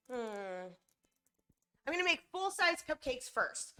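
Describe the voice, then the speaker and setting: Young woman, from California, bright tense tone, slightly high voice, rambling live-stream chat. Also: sing-song, a little slow. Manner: chatty, rambling, talks straight to her viewers. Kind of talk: casual live-stream chat while baking.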